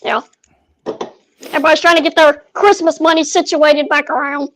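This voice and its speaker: A woman co-hosting a casual chat, mostly giving short replies and quick jokes. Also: high voice, steady tone. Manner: short agreeing replies, joking. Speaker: co-host.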